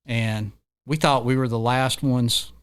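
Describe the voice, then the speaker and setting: A man's voice: mid-range voice, takes it slowly, smooth. Folksy Southern American man. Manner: folksy, rambling, excitable. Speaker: podcast host. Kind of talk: casual conversation.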